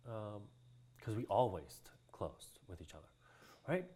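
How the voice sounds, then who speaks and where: This Hawaiian cultural practitioner, a guest in a casual interview, laughs a lot as he tells a story and acts out the voices of people he quotes. His lowish voice is mellow and slightly rough, moving a little slowly with big swings in pitch.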